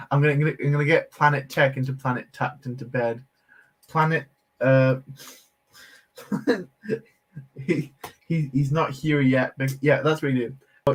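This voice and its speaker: A man chats casually through a live building stream. He reads viewers' comments aloud and laughs often. His talk is loose and friendly, full of quick asides. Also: medium pitch. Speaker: Lego streamer.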